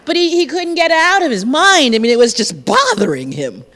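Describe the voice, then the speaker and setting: A woman telling a folk tale to a congregation, lively and repetitive, inviting listeners to join in. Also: high-pitched, fairly quick. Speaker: guest storyteller. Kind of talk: storytelling to a congregation. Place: church sanctuary. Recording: long reverb of a sanctuary.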